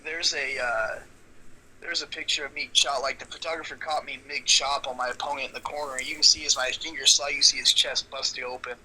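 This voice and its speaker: A man, a professional wrestler, telling stories in a casual podcast chat, animated and swearing freely. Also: mid-range voice, fairly quick, husky, low-quality recording. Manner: animated storyteller, swears freely, acts out quotes.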